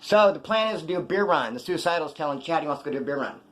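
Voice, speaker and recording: A man telling a story in a casual monologue, streetwise and profane, animated as he talks. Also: fairly high pitch, rapid-fire.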